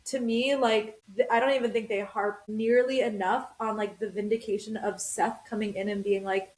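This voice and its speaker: A woman in her thirties talking casually as a podcast host, ranting with quick asides. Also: on the high side. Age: 30s. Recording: roomy echo.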